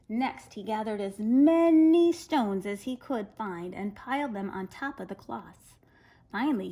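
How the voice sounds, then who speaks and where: A woman reading a folktale aloud to children, expressive and animated. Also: a little high, low-quality recording. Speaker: children's storyteller.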